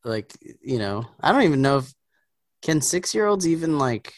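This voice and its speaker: A man's voice: medium pitch, very animated, moderate pace, no echo, clean studio sound. A male comedian chatting as a podcast guest, joking and laughing often, with lots of fillers. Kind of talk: casual podcast chat.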